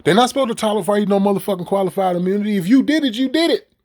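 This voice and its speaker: A man with a fairly high-pitched voice rants in a heated, profane monologue aimed straight at his audience. He keeps mocking the people he argues against and firing off rhetorical questions. The talk is loose and spoken off the cuff. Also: very fast, darkish tone. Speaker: vlogger ranting to his audience.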